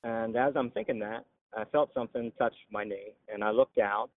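A veteran telling his story in an interview, halting with frequent "uh" pauses. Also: on the low side, steady tone, no room sound. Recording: tinny phone-like line.

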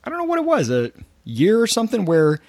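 A man's voice: high voice, huge pitch swings, fast, darkish tone, no echo. A man hosting a casual interview, recapping the guest's story and prompting him with questions. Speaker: podcast host.

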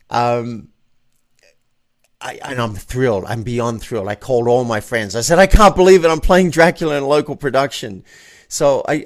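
A man sharing a personal story in a casual conversation as a guest, earnest and prone to restarting his sentences. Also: lowish voice. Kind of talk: casual chat.

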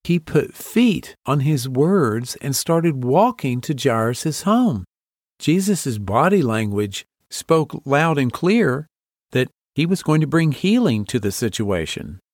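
On his devotional podcast, a man slowly and reflectively teaches through a Bible story, inviting listeners to picture themselves in the scene. He sounds very animated yet a little mellow at medium pitch, in a dry, studio-quality recording.

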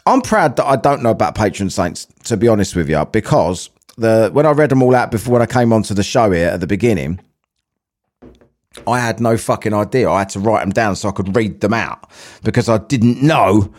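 A man's voice: on the low side, animated, fairly quick. A man hosting a podcast, reading out a news article and chatting casually with plenty of swearing and banter. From England. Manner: sweary, banter-filled, laughs at his own jokes. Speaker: podcast host.

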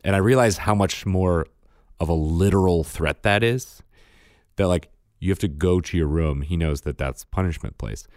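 A man's voice: deep voice, moderate pace, darkish tone, no room sound, clean studio sound. A man, a father, telling a parenting story in casual chat, matter-of-fact in tone. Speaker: podcast co-host and father.

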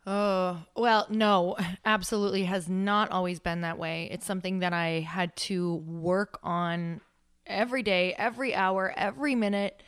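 Smooth-voiced woman guest, dry close sound. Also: medium pitch, fairly even intonation, a little slow, no echo. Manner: open, reflective, laughs easily. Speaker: podcast guest. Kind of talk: podcast interview.

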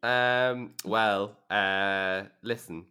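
A man's voice: fairly low pitch, steady tone, very slow, sharp tone, clear, resonant tone. A man, co-hosting a podcast in casual chat, sounding under the weather and swearing freely. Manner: chatty, swearing, self-mocking. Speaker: podcast co-host.

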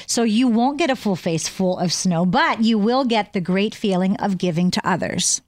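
A woman's voice: mid-range voice, normal speed. A woman co-hosting a radio show, teasing and dry-witted in casual banter. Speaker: radio co-host.

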